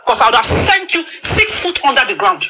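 A woman's voice: high voice, big pitch swings, fairly quick, background noise. A woman delivering a furious, insulting rant on a live video panel, stammering and repeating herself as she talks over a phone mic. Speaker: panel speaker. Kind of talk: angry live-stream rant.

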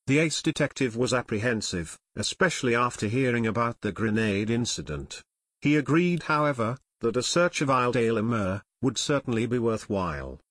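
A man narrating an audiobook in an expressive, scripted reading. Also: medium pitch, no room sound, studio quality.

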